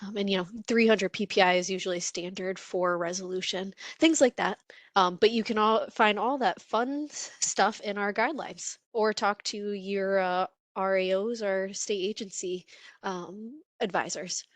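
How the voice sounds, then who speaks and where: A woman gives practical advice as a webinar panelist in a relaxed, chatty way, sprinkling in fillers. Her pitch is ordinary and the sound is dry and close. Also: normal speed, no echo. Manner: casual and jokey, many fillers. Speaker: panelist, records imaging expert. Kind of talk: explanatory webinar answer.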